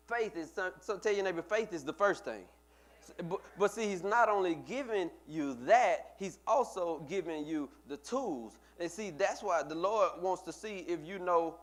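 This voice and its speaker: A man, a pastor, preaching a conversational sermon to his congregation, often repeating words and calling out to people in the pews. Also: high-pitched.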